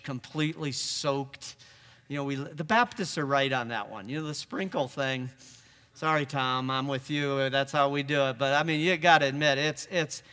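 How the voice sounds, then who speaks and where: A man preaching a sermon, conversational, moving from hushed lines to emphatic ones. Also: medium pitch, big-room sound.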